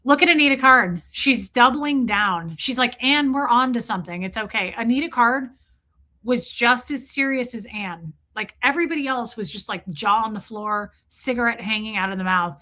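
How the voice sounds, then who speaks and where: Woman w a bright kinda high voice, rambling animated story to her stream chat, lots of "like" and cussing. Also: normal speed. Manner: animated, lots of "like" fillers and cursing. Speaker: livestream host. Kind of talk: casual storytelling to a live chat.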